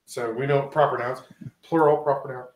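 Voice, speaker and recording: A man's voice: mid-range voice, fairly even intonation, normal speed, reverberant. A man hosting a casual radio word game, coaxing the players along in a playful way and often trailing off. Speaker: host running a word game. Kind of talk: casual radio show chat.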